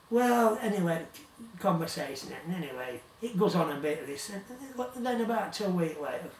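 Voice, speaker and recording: A man's voice: high-pitched, animated, normal speed. Rambling Yorkshire man, distant and roomy. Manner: rambling, anecdotal, repeats himself. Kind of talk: casual storytelling monologue.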